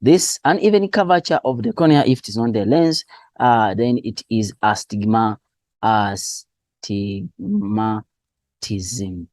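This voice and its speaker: A man going through exam answers as a teacher, spelling out key terms slowly and asking and answering his own questions. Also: medium pitch, sing-song, darkish tone, no echo, clean studio sound. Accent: Southern African English. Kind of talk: exam revision lesson.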